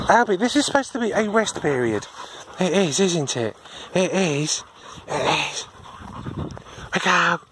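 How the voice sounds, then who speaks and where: A woman's voice: lowish voice, lively intonation, a little slow, long pauses, noisy background. A woman walking dogs outdoors, cooing and chuckling at them in a sing-song baby talk for her video diary. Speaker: dog walker. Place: outdoors on a dog walk.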